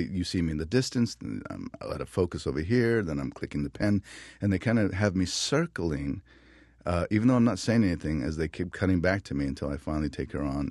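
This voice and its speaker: Deep-voiced, animated male actor. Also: no echo, clean studio sound. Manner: animated, laughing, acts out voices in anecdotes. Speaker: actor and interview guest. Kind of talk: casual storytelling.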